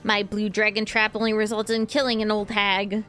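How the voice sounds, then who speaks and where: A woman's voice: medium pitch, level tone, normal speed, a bit bright, faint music behind, natural voice. A woman reading the part of a scheming male sorcerer master in a game, haughty and commanding.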